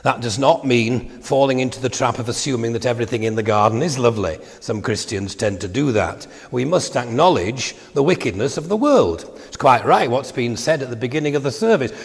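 Gravelly older preacher in a hall. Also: male voice, medium pitch. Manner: conversational, digressive preaching with asides. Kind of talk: sermon. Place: church.

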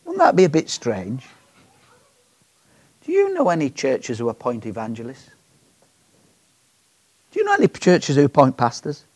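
A man's voice: on the high side, wildly swooping pitch, moderate pace, long pauses, a little mellow, no room sound, studio quality. A man preaching a sermon in a chatty, joking way, often asking the congregation questions.

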